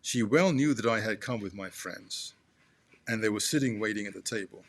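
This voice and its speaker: Man reading a memoir aloud, halting. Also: fairly low pitch, fairly bright tone. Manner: halting, restarts and talks to the listener as "you". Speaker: son reading aloud to his father.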